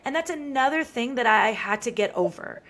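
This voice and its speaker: A woman in her thirties hosts a podcast in a lively, chatty way, with a voice set a little higher than most. She sprinkles her talk with "like" and talks casually to her guest. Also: fairly quick. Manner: animated, chatty, full of "like" fillers. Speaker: podcast host. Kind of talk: casual conversational chat.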